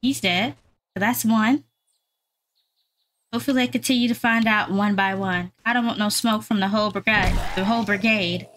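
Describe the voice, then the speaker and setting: A woman giving casual gameplay commentary, chatting to her viewers and getting excitable during fights. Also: mid-range voice, normal speed, pauses often, a little hiss or hum. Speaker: gaming YouTuber.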